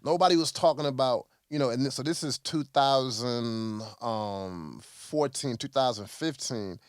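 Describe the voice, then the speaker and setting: A man's voice: mid-range voice, measured pace, clear, resonant tone, no echo. Man, Chicago accent, podcast guest, casual storytelling, dry close sound. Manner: animated storyteller, acts out quoted voices, lots of fillers. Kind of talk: casual interview chat.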